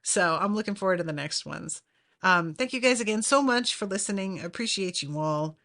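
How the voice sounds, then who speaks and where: Bright-voiced woman recapping casually. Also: medium pitch, brisk. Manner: animated, swearing, frequent fillers. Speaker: podcast host.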